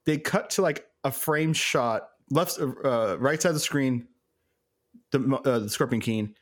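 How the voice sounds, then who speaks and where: A man co-hosting a podcast, telling stories in a relaxed way and laughing often. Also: mid-range voice, measured pace. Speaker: podcast co-host. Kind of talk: casual chat.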